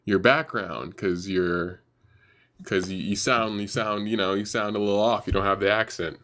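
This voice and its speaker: A man's voice: fairly low pitch, fairly even intonation, normal speed, sharp tone. A man hosting a live stream who chats casually, pushes and teases, and stammers through his points. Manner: pushy, stammering, teasing.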